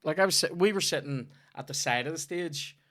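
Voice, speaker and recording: A man's voice: on the high side, fairly quick, a bit bright. A young man, a comedian chatting casually on a podcast and telling rambling, sweary stories.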